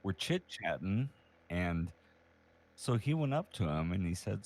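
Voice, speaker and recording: A man's voice: low-pitched, big pitch swings, measured pace, darkish tone. A man chatting casually with a fellow gamer, telling crude jokes in a laid-back way with lots of uh and um. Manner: laid-back storyteller who hesitates with uh and um. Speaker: fellow player.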